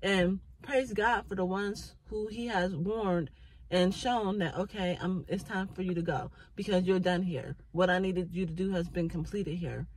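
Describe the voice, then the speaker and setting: A woman's voice: mid-range voice, low-quality recording. A mother talking earnestly about faith and family, with a preachy, heartfelt way of speaking. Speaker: mother sharing faith thoughts. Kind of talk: casual spoken reflection.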